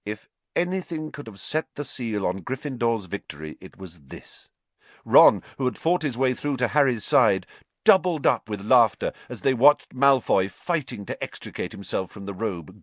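A man reading a story aloud as an audiobook narrator, in a lively, dramatic storytelling manner. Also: mid-range voice, normal speed, no room sound.

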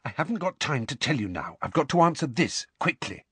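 A bossy, clever teenage schoolgirl from a storybook reading, as a man puts her on. The voice sits higher and snaps briskly, and the husky grain of the reader stays in it. It is dry and close, with nothing around it. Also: very animated, a bit bright, dry recording, exaggerated voice. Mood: urgent. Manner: raised pitch, brisk and snappish. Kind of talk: audiobook character reading.

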